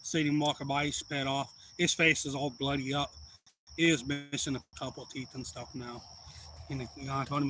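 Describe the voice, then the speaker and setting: Man hosting a live stream, rambling yarn, a bit high-pitched. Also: noisy background. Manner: rambling, acts out quoted voices loudly. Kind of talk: casual storytelling.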